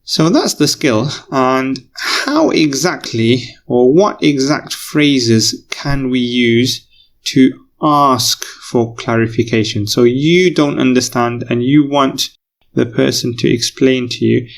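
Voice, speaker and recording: Male English teacher, patient, repeats himself, gravelly mid-pitched voice. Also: slow. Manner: patient, repeats key phrases. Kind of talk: recorded lesson explanation.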